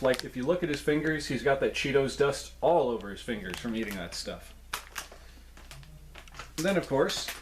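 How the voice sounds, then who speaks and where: A man's voice: medium pitch, slight background noise. A man reviewing snacks in a casual, chatty way, with playful jokes and asides.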